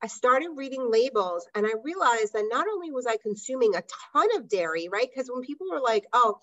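A woman with a somewhat high voice talks casually through her personal story, stopping often to check in with the listener with a "right?". The audio is a little dull and lo-fi. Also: big pitch swings, brisk. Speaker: podcast host and health practitioner.

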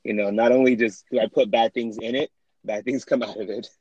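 A man's voice: medium pitch, steady tone, fairly quick, darkish tone, highs cut off, slight background noise. A man chatting as a podcast guest, campy and drawling, dropping "darling" often. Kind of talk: casual chat.

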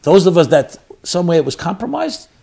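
A man giving a sermon, swinging between loud exhortation and quiet storytelling. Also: sits high, very animated, brisk, gravelly.

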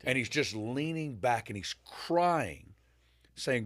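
A man talking about faith in a relaxed conversation, his pitch rising and falling as he tells a story. He rambles, stops and starts again. The sound is close and dry, with no room echo. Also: slow pace. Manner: animated storyteller, rambling with restarts.

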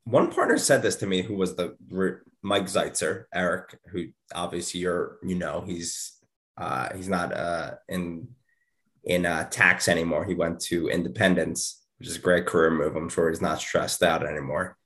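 A man's voice: sits low, steady tone, moderate pace, fairly bright tone. A man chatting casually on a podcast over a video call, rambling with lots of fillers. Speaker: podcast co-host. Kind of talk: casual chat. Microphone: video call mic.

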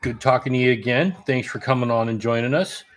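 A man's voice: medium pitch, fairly quick. A man co-hosting a casual podcast, laid-back and chatty, with plenty of filler words. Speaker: podcast co-host.

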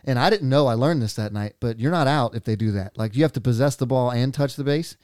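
Man, casual chat, storyteller, laughs often, smooth voice, dry sound. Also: medium pitch, a little mellow, dry recording. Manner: laughing storyteller, quick asides.

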